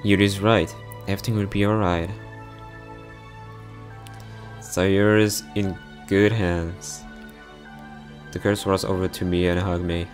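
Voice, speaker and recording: A man reading a visual novel story aloud, narrating and voicing every part in a soft, heartfelt way. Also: low voice, little pitch movement, a little slow, faint music behind.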